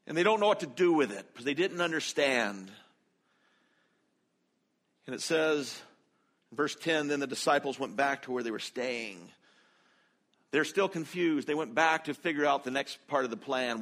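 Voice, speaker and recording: A man's voice: fairly high pitch, fairly bright tone. A man preaching a sermon as pastor, earnest and conversational, acting out quoted lines with feeling.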